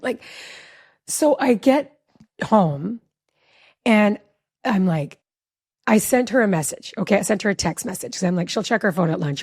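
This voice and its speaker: A woman in her forties, a relationship educator, telling a personal story in an animated, chatty way with lots of "like" in a podcast interview. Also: mid-range voice, husky. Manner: animated, chatty, heavy use of "like".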